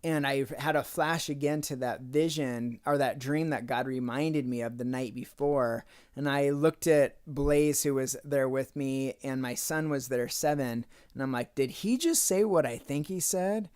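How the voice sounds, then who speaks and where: A man with a mid-range voice shares a personal faith testimony in a relaxed, conversational tone. He tells the story the way he would to friends, often slipping into what he and others said. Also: mid-range voice, unhurried, hardly any pauses, clean tone. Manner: conversational, acts out quoted dialogue with "I'm like". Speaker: speaker sharing a faith testimony.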